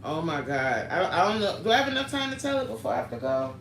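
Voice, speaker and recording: A woman's voice: lowish voice, very animated, fast. A woman hosting a casual livestream, chatting with viewers by name and launching into a story. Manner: chatty, answers the live chat by name, storytelling. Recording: roomy echo, faint background noise.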